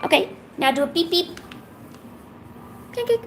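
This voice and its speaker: A woman's voice: a little high, animated, normal speed, gravelly, slight background noise. Young woman coaxing her cat in baby talk. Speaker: streamer. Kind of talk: live-stream chat.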